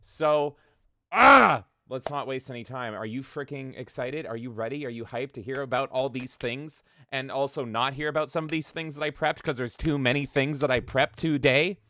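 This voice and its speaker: A man's voice: mid-range voice, fairly even intonation, moderate pace, few pauses, fairly bright tone, no room sound. A man co-hosting a casual gaming podcast, joking crudely and reading chat messages aloud. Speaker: podcast co-host.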